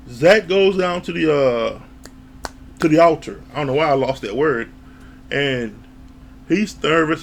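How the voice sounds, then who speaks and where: Rambling male reviewer with a slightly high voice and an easy, chatty manner. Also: a little hiss or hum. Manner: rambling and chatty, with frequent laughs. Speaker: TV show reviewer. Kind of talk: casual episode recap.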